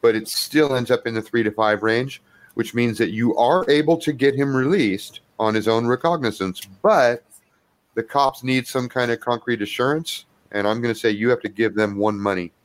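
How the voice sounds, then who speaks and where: Acting as game master for a tabletop game, a man explains the rules and narrates scenes. His voice is mid-range and his speed is normal.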